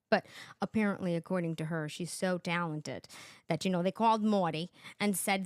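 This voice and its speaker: A woman's voice: fairly low pitch, normal speed, dry recording, clean studio sound. A woman hosting a reaction commentary, talking sarcastically and laughing often as she mocks the clips. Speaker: commentary channel host.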